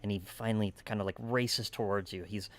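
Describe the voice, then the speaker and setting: A man's voice: lowish voice, steady tone, a little fast. A man running a tabletop game as game master, narrating casually with many fillers and frequent "right?" check-ins.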